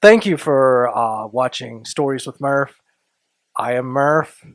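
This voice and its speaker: A man hosting a story podcast, reading a classic tale aloud in a deliberate, sometimes hushed way. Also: mid-range voice, no room sound. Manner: slow, deliberate, softening into hushed tones. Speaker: story reader and podcast host.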